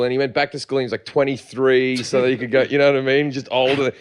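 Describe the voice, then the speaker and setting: An Australian man in casual podcast chat, telling profane, laughing stories at a quick clip. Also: medium pitch, flat delivery, smooth. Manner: fast, profane, laughing storyteller. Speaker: podcast co-host.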